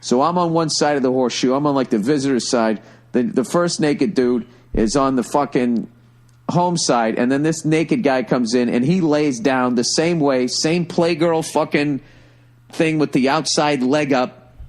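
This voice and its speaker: A middle-aged man telling a funny story in a casual, profane, animated way, like a stand-up comedian on a podcast. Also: mid-range voice, normal speed.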